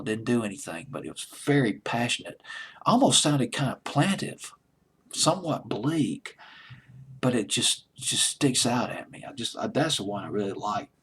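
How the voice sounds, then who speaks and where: A man's voice: medium pitch, fairly bright tone, husky. A man hosting a home-made countdown show, talking casually and enthusiastically with asides and restarts. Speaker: countdown host. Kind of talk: casual radio-style countdown talk.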